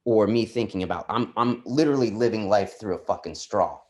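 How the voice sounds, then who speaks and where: A man as a podcast guest, telling stories in an animated way and swearing freely. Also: fairly low pitch, brisk. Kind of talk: casual podcast chat.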